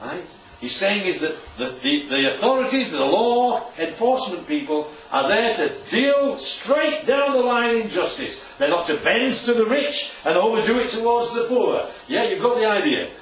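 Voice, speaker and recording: A man's voice: high voice, big pitch swings, moderate pace, hardly any pauses, a bit bright. A man preaching a sermon in a conversational way, often checking in with rhetorical questions. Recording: distant, echoey room, dull sound.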